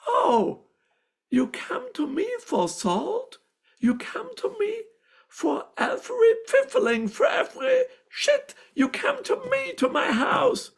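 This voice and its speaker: A man's voice: very high voice, wildly swooping pitch, slow, creaky, voice pushed up, heavily acted. An Austrian man voicing a furious neighbor woman who screeches and rants at a beggar for salt. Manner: screeching, ranting.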